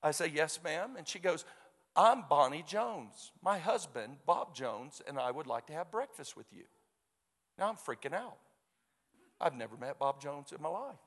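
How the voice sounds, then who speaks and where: A man preaching a sermon, telling a story with lively quoted voices. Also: a little high, normal speed. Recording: long hall reverb.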